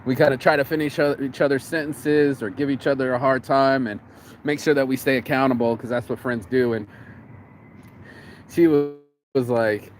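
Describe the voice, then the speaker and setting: A man's voice: mid-range voice, fairly even intonation, fairly quick, slight background noise. An American man vlogging outdoors in the cold, talking casually in a rambling, profane way with many restarts and repeated words. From United States. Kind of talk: casual vlog monologue.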